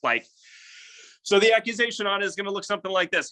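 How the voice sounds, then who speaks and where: A man coaching real estate agents on cold calls in a casual, energetic and blunt way, sometimes swearing. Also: high-pitched, quick pace, long pauses. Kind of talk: casual sales training talk.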